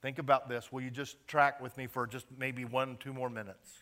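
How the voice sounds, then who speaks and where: A male pastor preaching a sermon, swinging between quiet, earnest stretches and loud, emphatic peaks. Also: medium pitch, little pitch movement, normal speed.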